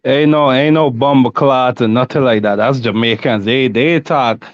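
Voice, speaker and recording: A man's voice: medium pitch, normal speed, no room sound, muffled recording. Laid-back man with teasing, profane talk. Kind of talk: casual group chat.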